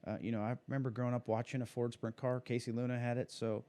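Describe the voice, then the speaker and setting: A man's voice: mid-range voice, little pitch movement, fast, mellow. A man talking casually as an interview guest, a racing driver who rambles with many fillers and restarts. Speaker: guest, sprint car driver.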